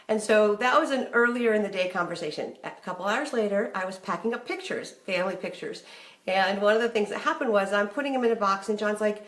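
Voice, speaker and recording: A woman's voice: medium pitch, fast, a bit bright, reverberant. A middle-aged woman giving candid, chatty marriage advice to camera and acting out bits of remembered conversations. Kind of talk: casual talk to camera.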